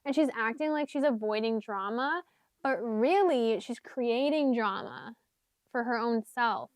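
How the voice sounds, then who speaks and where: A young woman chats through her book picks in a loose, rambling way, full of "like"s and fillers, now and then half-singing a lyric. Her voice sits a little high and sounds smooth and clear. The sound is dry and close, with no room around it. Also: measured pace, no room sound. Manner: chatty, rambling, many fillers and "like"s. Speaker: book vlogger. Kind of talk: casual chat.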